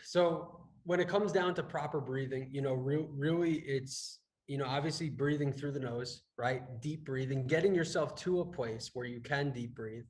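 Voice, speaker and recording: The recording is rough as this male fitness and health coach talks casually on a business podcast in a mid-range voice at normal speed with few pauses. He tends to ramble, restarts often, and tags sentences with "right?"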